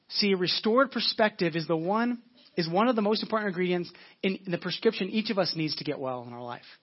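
A pastor with a high, animated voice preaches a sermon earnestly, repeating phrases for emphasis. He slows down when reading scripture, and the audio sounds dull.

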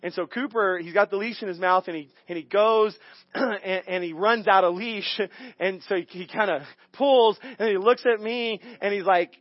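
A guest pastor telling a story in his sermon, animated and chuckling, often restarting his sentences. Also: high voice, normal speed, no echo, muffled recording. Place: church sanctuary.

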